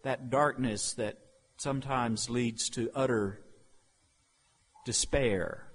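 A man preaching a sermon, slow and emphatic, with dramatic pauses, in a church sanctuary. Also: mid-range voice, fairly even intonation. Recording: long reverb of a large hall.

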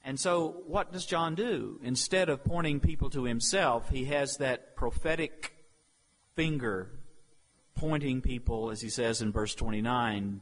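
A man preaching a sermon, slow and emphatic, with dramatic pauses, in a church sanctuary. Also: mid-range voice. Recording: long reverb of a large hall.

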